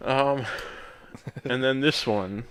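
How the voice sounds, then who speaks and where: A man's voice: mid-range voice, slow pace, fairly bright tone, slight background noise. A man co-hosting a podcast, chatting casually about a film and reading out favorite lines, with plenty of fillers and laughs. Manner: chatty, reads out quotes, frequent fillers and laughs. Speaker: podcast co-host. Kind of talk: casual movie review chat.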